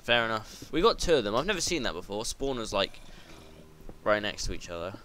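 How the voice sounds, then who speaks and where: A teenage lad narrates his gameplay in a bright, ringing voice that leaps up and down in pitch. He is excitable and foul-mouthed, rambling between tasks and yelping whenever something startles him. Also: brisk, slight background noise. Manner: excitable and sweary, yelps when startled. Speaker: gaming video host. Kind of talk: let's play commentary.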